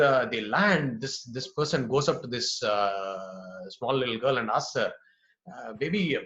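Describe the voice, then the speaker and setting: A man's voice: mid-range voice, a bit bright. A man moderating a webinar panel over a video call, telling stories in a conversational way with many fillers and "right?" tags. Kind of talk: panel discussion, storytelling. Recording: roomy, dull video-call audio.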